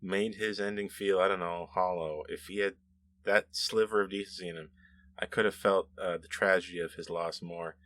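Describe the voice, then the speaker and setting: A man's voice: low voice, steady tone, normal speed, a bit bright. A man hosting a show, casually reading and answering viewer comments in a rambling, self-correcting way with frequent laughs.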